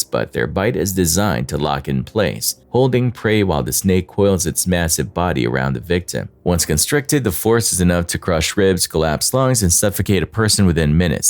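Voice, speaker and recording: Deep-voiced man narrating wryly. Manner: wry, sarcastic commentary. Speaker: narrator of a video compilation. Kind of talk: scripted narration.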